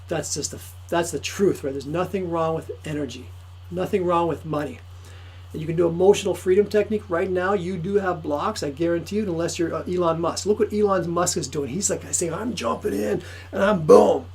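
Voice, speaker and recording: A man giving an excitable, repetitive motivational sales pitch to camera for his course. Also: husky, poor audio. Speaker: course promoter.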